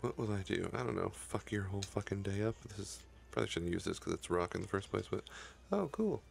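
A young man commentates his own game run with a deep, low voice. A gravelly fry runs through his speech as he curses the game in frustration. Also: fairly even intonation, quick pace, a little hiss or hum. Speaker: gaming YouTuber. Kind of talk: profane Let's Play commentary.

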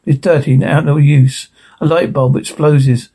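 A man narrates a film script in a mellow, slightly husky voice that sits a touch high for a man. His reading is plain and unpolished, stumbling now and then and starting lines over. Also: fairly even intonation, moderate pace. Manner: plain reading with small slips and restarts.

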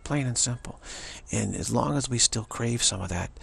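A man's voice: mid-range voice, gravelly, fairly bright tone, breathy edge. A man giving an earnest, rambling spiritual monologue, repeating himself and restarting sentences often. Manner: earnest, repetitive, halting with many restarts. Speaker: spiritual speaker.

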